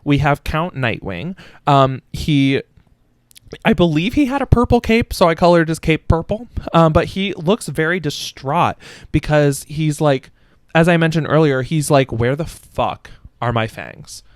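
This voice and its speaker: A man's voice: a little high, expressive, a little slow, smooth, no echo, studio quality. A young adult man hosting a casual comedic book review podcast, rambling with profane, self-mocking asides. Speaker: podcast host.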